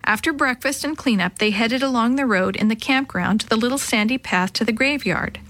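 A woman's voice: fairly high pitch, brisk, fairly bright tone. A woman narrating a children's chapter story, friendly and addressing young listeners.

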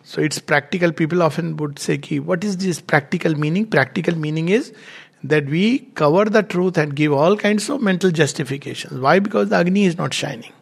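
A man teaches from spiritual texts in a relaxed, unscripted lecture. His fairly high voice carries a gravelly edge, and he explains in measured phrases, often pausing on a filler before going on.

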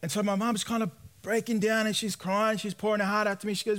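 This young Australian preacher talks fast, his voice sitting high. He tells his own story as a sermon testimony, animated and acting out each quoted voice.

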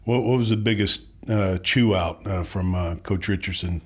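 Low-voiced male interview host. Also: normal speed, breathy edge. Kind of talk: interview questions.

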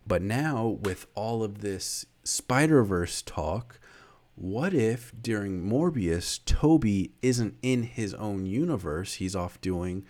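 A man's voice: on the low side, animated, slow pace, a little mellow. A man co-hosting a casual podcast chat, swearing freely and ranting about films. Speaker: podcast co-host.

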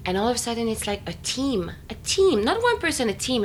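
A woman in a casual, expressive chat, full of fillers and quick laughter. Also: on the high side, a little hiss or hum. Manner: chatty and expressive, many fillers, frequent laughter.

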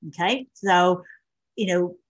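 A woman's voice: lowish voice, slow, highs cut off. A middle-aged woman rambling through casual commentary as she reads posts aloud, with many restarts and fillers. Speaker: online show host.

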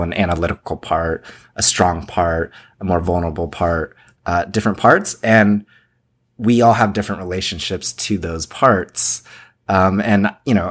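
A man co-hosting a podcast, speaking casually and thoughtfully, searching for the right words. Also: sits low. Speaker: podcast co-host.

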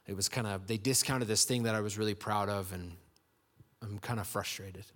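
A man's voice: lowish voice, fairly even intonation, moderate pace, a bit bright. A man preaching a sermon in a conversational, storytelling way, acting out quotes in his stories. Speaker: pastor.

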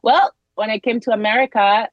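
A middle-aged woman from Kenya, a podcast guest, telling her story in an animated way with frequent laughter. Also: a little high, brisk, lo-fi sound. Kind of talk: casual interview conversation.

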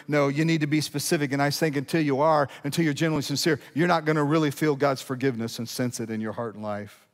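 A man's voice: a little high, fairly even intonation, quick pace, big-room sound. A male pastor preaching a sermon in a conversational style, asking rhetorical questions and building to emphatic peaks.

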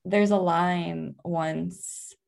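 Gravelly low-voiced woman on a podcast. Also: drawn-out words. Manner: animated and playful, casual swearing. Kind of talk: casual podcast discussion.

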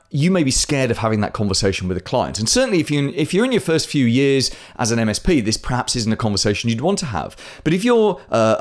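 A man hosting a business podcast, talking solo in a chatty way with self-mocking asides. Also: medium pitch. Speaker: podcast host.

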